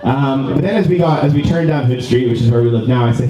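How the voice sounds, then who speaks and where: A man's voice: mid-range voice, fairly even intonation, quick pace, few pauses, warm tone. Man from Canada rambling a wedding speech. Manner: rambling and earnest, many ums and restarts. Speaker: groom. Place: wedding reception room. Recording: distant, roomy, slightly dull hall recording.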